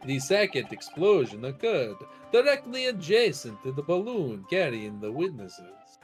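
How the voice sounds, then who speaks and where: Guy reading as a calm prosecutor, kinda high voice, explaining stuff. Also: measured pace, soft background music. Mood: explanatory.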